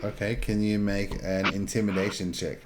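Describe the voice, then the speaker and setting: A man narrating a tabletop game as game master, halting with fillers and restarts. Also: lowish voice, steady tone, background noise.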